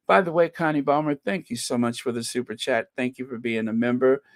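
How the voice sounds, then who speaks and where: A man's voice: mid-range voice, no echo. A man hosting a live stream, chatting in a rambling way and greeting viewers by name. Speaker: livestream host. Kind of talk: casual live-stream chat.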